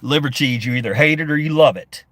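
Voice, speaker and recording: Middle-aged man, mid-pitched, dry close sound, streaming from his car on a phone, combative sarcastic foul-mouthed. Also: fast talker, fairly bright tone, dry recording. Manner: combative and sarcastic, swearing often. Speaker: livestreamer reading chat comments. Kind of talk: profane live-stream rant. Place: in a car while driving.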